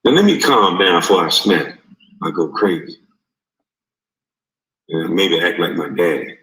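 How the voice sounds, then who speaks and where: A man's voice: low voice, a little slow. A man rants with force, his voice leaping up and down as he swears his way through each point. The sound bounces around a roomy, echoing space. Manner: forceful, profane, animated. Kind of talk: heated ranting monologue. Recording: roomy echo.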